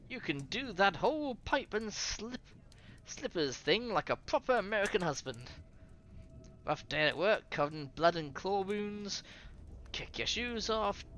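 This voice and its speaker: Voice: mid-range voice, pushed and bright, slight background noise. A streamer voicing a cheeky, slangy London woman with a put-on London accent, reading a visual novel aloud. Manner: teasing, slangy, affectionate. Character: cheeky London woman, Charlotte's affectionate companion.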